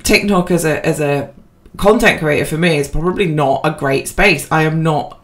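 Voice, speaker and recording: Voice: medium pitch, moderate pace, fairly bright tone. Casual rambling co-host, filler-heavy, unpolished podcast chat. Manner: rambling, self-deprecating, with many fillers and restarts.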